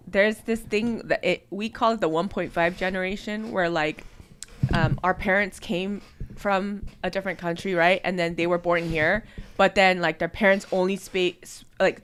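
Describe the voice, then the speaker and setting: A woman's voice: mid-range voice, smooth. Female host, mid-range voice, talkative and easygoing, loose livestream chat. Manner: chatty, many fillers and restarts. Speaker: music review host.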